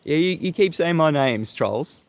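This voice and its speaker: Mocking Australian livestream host. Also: male voice, on the high side, lively intonation, normal speed. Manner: mocking and combative, laughs often at critics. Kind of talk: live-stream monologue greeting viewers.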